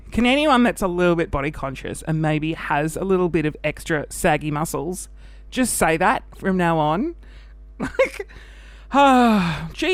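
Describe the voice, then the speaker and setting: A man's voice: high voice, no room sound. Breathless, jokey man podcasting. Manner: animated, jokey and self-mocking, with sudden whispers. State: out of breath after the gym. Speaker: podcast host. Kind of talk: casual solo podcast chat.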